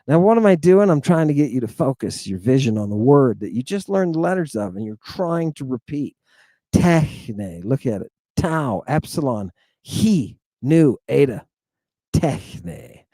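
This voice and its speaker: Middle-aged man, theatrical teacher, slow drawn-out drills, loud-to-hushed swings, dry close sound. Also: medium pitch, big pitch swings, no room sound. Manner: drawn-out, emphatic pronunciation drills. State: hot and sweating. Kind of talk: lecture to an online audience.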